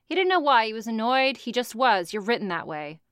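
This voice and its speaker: A woman's voice: on the high side, big pitch swings, brisk, a bit bright, clear, resonant tone, no echo, clean studio sound. A woman reading a story aloud, breaking off to make sarcastic, swearing comments. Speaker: fan fiction reader.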